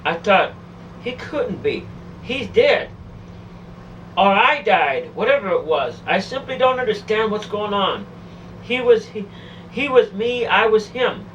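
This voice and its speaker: A woman's voice: medium pitch, expressive, a little slow, pauses often, a little hiss or hum. Woman, dramatic first-person testimony, pleading, emotional, repetitive, dull distant recording. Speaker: storyteller recounting a near-death experience.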